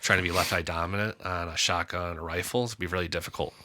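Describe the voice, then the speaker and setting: A man with a very low, forceful voice chats loosely on a podcast. He rambles, restarts his sentences and drops jokey asides. The sound is dry and close, with no room around it. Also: fairly even intonation, quick pace, no room sound. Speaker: podcast co-host. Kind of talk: casual chat.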